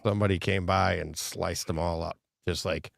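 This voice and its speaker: Speaking at a moderate pace with a low, vocal-fry voice, a middle-aged man co-hosts a podcast, trading stories in a relaxed conversation full of laughter and performed quotes. The studio sound is clean, with no echo.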